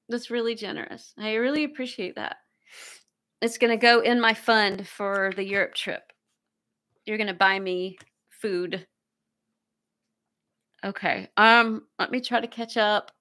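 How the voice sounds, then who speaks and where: Woman host, bright and crisp tone, loose chatty livestream delivery, warmly thankful to viewers. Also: mid-range voice. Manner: reads viewer comments aloud, effusively grateful. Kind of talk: casual livestream chat.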